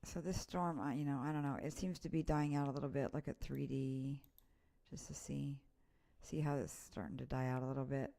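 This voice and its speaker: Her brisk, low, gravel-edged voice carries an informal live weather update. The weather presenter chats through storm warnings in a relaxed fashion, listing place names as she reaches them.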